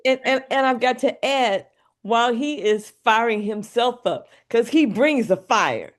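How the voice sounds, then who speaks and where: Slow, lively-voiced woman co-host. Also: a little high. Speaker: radio co-host. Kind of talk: casual radio talk. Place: radio studio.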